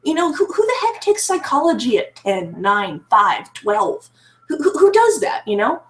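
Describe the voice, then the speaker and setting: A woman with a high voice tells her own story in personal testimony. She speaks with raw emotion, often repeating and restarting her phrases as she searches for the words. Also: huge pitch swings, normal speed, roomy sound. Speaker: guest sharing her story. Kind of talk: personal testimony on a live stream.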